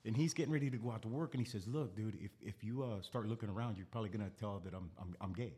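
A man's voice: on the low side, rapid-fire, dark tone. Profane rambling storyteller man. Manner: rambling, repeats words, laughs through stories; profane, blunt. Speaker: podcast guest, comedian. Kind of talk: casual podcast chat, storytelling.

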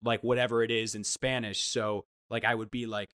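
A man telling a funny story in casual chat, animated and acting out the voices he quotes. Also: on the low side, brisk. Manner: animated, acts out quoted voices, restarts often. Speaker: guest storyteller.

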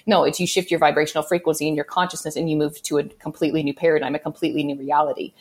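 A woman's voice: sits low, little pitch movement, racing, a little mellow. A woman guest on a spiritual podcast, explaining her ideas in an earnest teaching tone and often checking in with "okay" and "right?". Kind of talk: conversational podcast interview.

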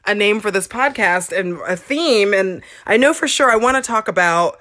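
A woman's voice: mid-range voice, expressive, normal speed, hardly any pauses, fairly bright tone. Breathless giggly woman podcast host. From Southern California. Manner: giggly, rambling, restarts often. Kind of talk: casual chat.

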